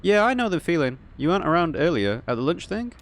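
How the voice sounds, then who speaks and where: A woman's voice: lowish voice, big pitch swings, fast talker, voice pushed up. A man voicing a friendly young woman who is a traveling artist, chatty and eager with her questions. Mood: curious.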